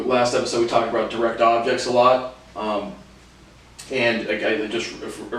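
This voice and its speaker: A man's voice: mid-range voice, fairly bright tone. A man giving a casual video lesson on Spanish verbs, rambling and hesitant with many fillers. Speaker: language learner teaching Spanish verbs. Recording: very echoey room, mic at a distance.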